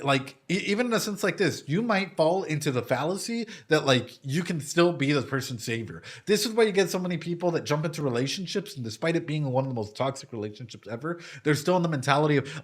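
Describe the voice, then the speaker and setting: A young man with a somewhat high, very bright, sharp voice talks fast and loose into a streaming mic. He reacts with emotional energy, explains ideas like a psychologist, and swears often. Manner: animated, swearing, emotional, laughs and nearly cries. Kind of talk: casual reaction commentary. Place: home streaming room.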